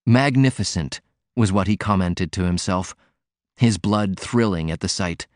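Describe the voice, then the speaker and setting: A man narrating an audiobook in a measured, steady reading voice. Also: low voice, dry recording, clean studio sound.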